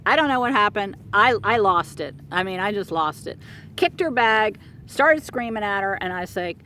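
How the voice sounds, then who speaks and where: A woman's voice: mid-range voice, normal speed, a little hiss or hum. Rambling middle-aged woman telling a story. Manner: rambling, animated, many fillers and restarts. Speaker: horse care practitioner telling a client story. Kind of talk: casual storytelling.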